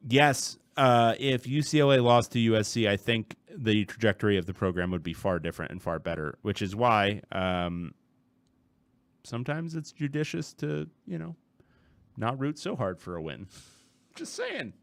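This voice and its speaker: A man's voice: lowish voice, moderate pace, no echo. A man co-hosting a sports podcast, joking and laughing through casual chat. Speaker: podcast co-host.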